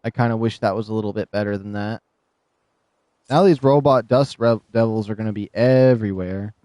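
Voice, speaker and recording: A man's voice: on the low side, brisk, dark tone, clear, resonant tone, no room sound. A man streaming a video game live, chatting casually and rambling, often laughing, on a desk microphone. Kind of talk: casual live gameplay commentary.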